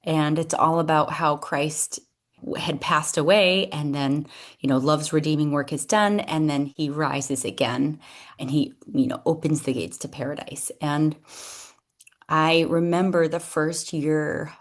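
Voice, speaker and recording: A woman's voice: low voice, steady tone, measured pace. Woman hosting her own podcast; reflective, emotional, hesitant delivery with restarts. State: tearful at moments. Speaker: podcast host. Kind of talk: personal reflective monologue.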